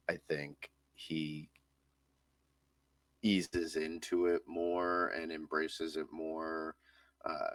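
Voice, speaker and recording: A man at a tabletop game, speaking haltingly as his character and then describing what the character does. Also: extremely low pitch, fairly bright tone, dry recording. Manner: hesitant, halting, full of sighs and restarts. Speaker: player. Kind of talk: in-character role-play and table talk.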